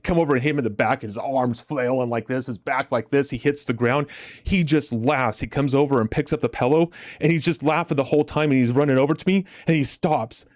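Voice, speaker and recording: A man's voice: mid-range voice, brisk, no echo. Chatty man hosting a dry live stream. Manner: chatty, repeats words and restarts often; animated storyteller. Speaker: trading live-stream host. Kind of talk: casual live-stream commentary.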